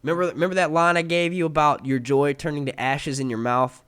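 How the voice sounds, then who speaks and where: A man's voice: fairly high pitch, level tone, fairly quick, a bit bright, clean tone, dry recording, natural voice. A man voicing a cocky small nobleman who taunts his sister in a mocking, gloating way.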